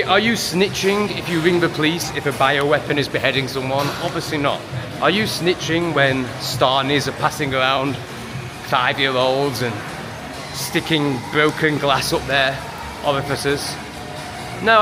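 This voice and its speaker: A man with an English accent vlogging casually to a handheld camera, swearing and ranting, swinging between loud bursts and low mutters. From England. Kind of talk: casual vlog monologue. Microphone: handheld camera on a gimbal.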